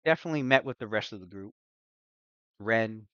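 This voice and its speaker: A man's voice: on the low side, animated, a little fast, pushed and bright, clear, resonant tone, no echo. Rambling game master man, dull lo-fi sound. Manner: rambling, laughing, many fillers and restarts. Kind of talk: narrating a tabletop game.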